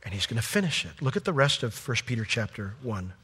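A man preaching a sermon with passion, his voice swinging from loud peaks to hushed, quiet lines. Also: medium pitch, sing-song, quick pace, slightly rough. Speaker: pastor. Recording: long hall reverb.

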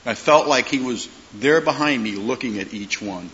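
A middle-aged male pastor preaching with a bright, forceful voice and acting out the people in his stories. The sound is dull and lo-fi, with a faint hiss. A long reverb hangs in the sanctuary. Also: mid-range voice, moderate pace. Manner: animated storyteller, acts out voices in his stories. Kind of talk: sermon.

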